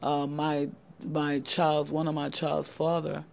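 Speaking slowly in a deep, monotone voice with vocal fry and a darkish tone, this middle-aged channel host gives young men earnest, repetitive advice directly to the camera. She often calls her listeners "guys" in what is a motivational talk. Slight background noise can be heard.

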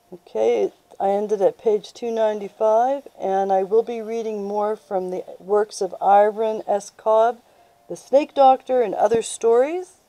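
A woman reading aloud from a history book in a plain, unhurried way as the host of her channel. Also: mid-range voice, fairly even intonation, dark tone, no room sound, low-quality recording. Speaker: reader of books aloud.

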